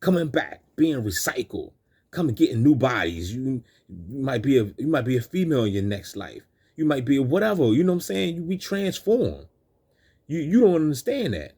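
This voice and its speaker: A man's voice: medium pitch, very animated, moderate pace, darkish tone, husky. A man hosting a video who rants in preachy street slang over film clips, repeating himself and keeping up a string of restarts. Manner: repetitive, stumbling restarts. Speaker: video host.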